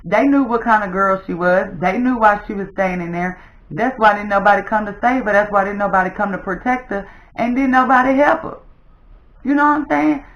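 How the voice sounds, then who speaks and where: Chatty woman storyteller, lively delivery, recorded in a roomy space on a slightly muffled mic. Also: mid-range voice, fairly quick. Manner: animated, addresses viewers as "y'all". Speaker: storytime vlogger. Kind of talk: casual storytelling.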